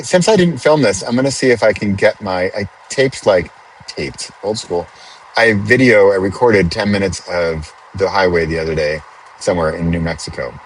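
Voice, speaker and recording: A middle-aged man hosting his own podcast, chatting casually and explaining things step by step with little asides, recorded in a car on the highway. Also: slight background noise, poor audio. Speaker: podcast host. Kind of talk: casual solo monologue.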